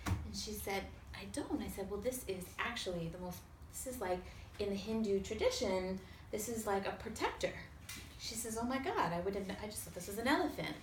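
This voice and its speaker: A woman telling a lively personal story to a small audience, acting out other people's voices and swearing casually. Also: mid-range voice, moderate pace. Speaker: storyteller on a talk show. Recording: roomy sound from a distance with faint noise.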